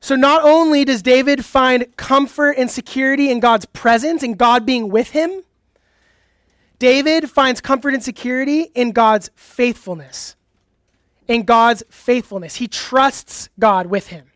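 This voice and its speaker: A young man preaching a youth sermon in a casual, energetic, conversational way. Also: very high voice, a little slow, dry recording, studio quality. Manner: conversational, energetic, uses "like" often. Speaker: youth pastor.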